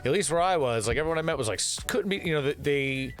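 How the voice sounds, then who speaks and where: A man's voice: a little high, quick pace, soft background music. A young man from New Jersey hosting a podcast, chatting casually and rambling with many restarts. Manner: animated, rambling, restarts sentences. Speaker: podcast host. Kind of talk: casual chat.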